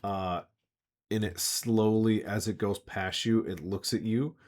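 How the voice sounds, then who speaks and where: A man's voice: fairly low pitch, fairly even intonation, unhurried, darkish tone. A man narrating as game master of a tabletop game, with rambling, hesitant descriptions full of fillers.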